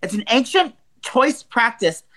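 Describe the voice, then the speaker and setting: A man's voice: very high-pitched, expressive, a little slow, bright, forceful tone. A man in his forties co-hosting a podcast, telling crude stories in casual, profane, rambling chat. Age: 40s. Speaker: podcast co-host.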